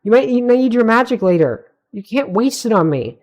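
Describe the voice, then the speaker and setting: A man voicing an anxious young wolf companion in a storybook reading, worried and quick to scold. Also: very high voice, very animated, darkish tone, pitched above the performer's own voice.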